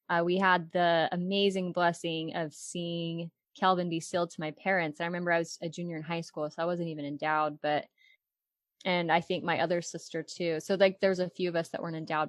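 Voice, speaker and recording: A woman's voice: fairly low pitch, flat delivery, brisk, dry recording. A woman in her twenties from Arizona, telling stories as a guest in a casual faith-based interview, chatty and often giggling. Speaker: podcast guest.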